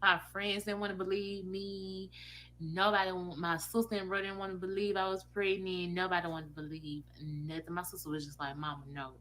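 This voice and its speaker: A woman's voice: lowish voice, a little fast, slight background noise, rough recording. A woman telling her own story casually, acting out the voices of the people in it. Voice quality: animated, acts out quoted voices.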